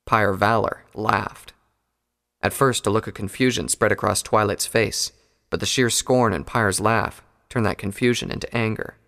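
Male storybook narrator, measured delivery, gravelly tone, long reverb. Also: on the low side, steady tone, sharp tone. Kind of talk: audiobook reading of fan fiction.

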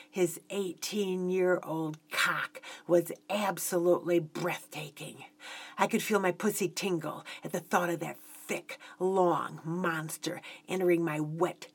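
Woman narrator, low gravelly voice, very slow, hushed delivery slipping into whispers. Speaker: storyteller. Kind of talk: first-person story narration.

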